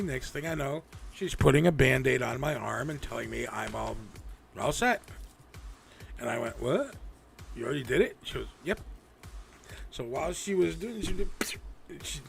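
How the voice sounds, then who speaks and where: A man hosting a casual livestream, rambling and swearing freely with frequent restarts. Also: fairly high pitch. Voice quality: gravelly. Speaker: livestream host.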